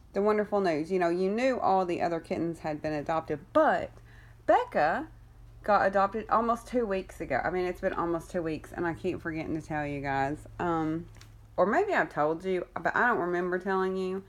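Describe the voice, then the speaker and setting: Casual cat-rescue vlogger, woman, lower pitch, rambly and affectionate, a bit under the weather with a cough. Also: moderate pace. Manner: chatty and rambling, many ums and restarts; coos affectionately at the kittens. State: getting over an illness, coughing. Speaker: cat rescuer and foster carer. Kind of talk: casual vlog update. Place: home with foster kittens.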